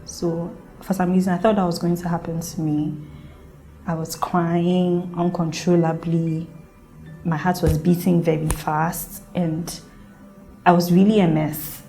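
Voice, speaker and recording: A woman's voice: fairly low pitch, little pitch movement, measured pace, warm tone, soft background music. A young woman from Ghana telling her own birth story in an earnest, emotional way and acting out the people she quotes. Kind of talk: personal storytelling.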